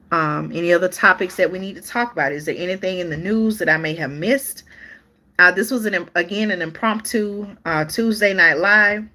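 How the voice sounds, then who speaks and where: A woman's voice: lowish voice, bright, forceful tone. A woman hosting a live-stream news show, reading articles aloud in a chatty way and talking straight to her viewers, often stopping to restart or look things up.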